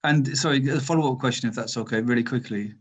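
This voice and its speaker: A man's voice: medium pitch, quick pace. A man on a webinar video call, asking polite, apologetic questions while thinking aloud.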